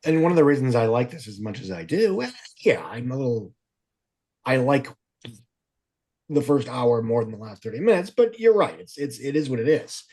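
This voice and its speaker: A man co-hosts a casual podcast with wry, opinionated remarks. His voice is husky, and his pitch moves a lot. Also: sing-song, normal speed, darkish tone. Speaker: podcast co-host.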